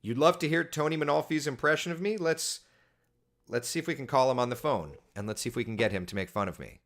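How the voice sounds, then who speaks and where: A man's voice: medium pitch, fast. A man hosting a casual live morning weather chat, joking and telling stories. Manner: chatty, jokey, lively storytelling. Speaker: TV meteorologist host.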